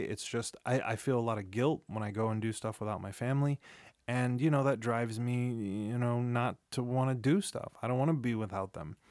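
A man's voice: mid-range voice, darkish tone, no echo, studio quality. A man in his thirties hosting a solo podcast, rambling and confessional, swearing often and restarting his sentences, tired and yawning. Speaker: podcast host. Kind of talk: candid solo podcast monologue. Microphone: studio microphone.

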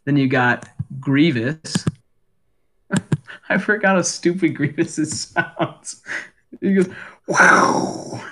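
Young male podcast co-host, bright and fairly high, laughs through his impressions, home mic with a faint hiss. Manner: laughs often, doing quick grunts and death-cry impressions. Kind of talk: casual podcast chat. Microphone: home microphone.

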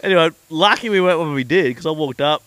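Aussie bloke telling a yarn, swears a ton, voice jumps all over, dry close sound. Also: male voice, a little high, quick pace, dry recording. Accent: Australian. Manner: swears constantly, animated storyteller. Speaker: podcast guest, pro angler. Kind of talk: casual storytelling.

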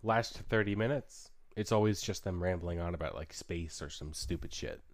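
A man's voice: sits low, moderate pace, no echo. A man co-hosting a podcast in casual drunken chat, joking and telling stories. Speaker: podcast co-host.

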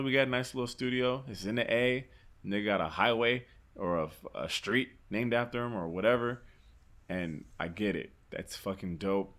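Argumentative man in casual chat. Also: low voice. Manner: animated, argumentative, swears often.

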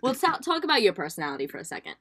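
A woman's voice: medium pitch, very animated, racing, pushed and bright. A woman co-hosting a casual podcast chat, teasing and chatty, often saying "like". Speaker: podcast co-host.

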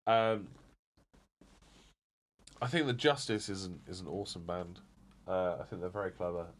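A man's voice: low voice, normal speed. A man chatting casually at home as a podcast co-host, rambling and laughing as he acts out stories. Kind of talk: casual chat. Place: home, indoors.

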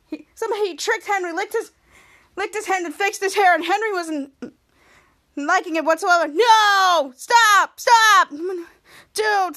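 Young female podcast host, high voice, casual TV recap, jumps into quoted lines with loud outbursts. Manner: acts out characters' lines with bursts of loud, high shouting.

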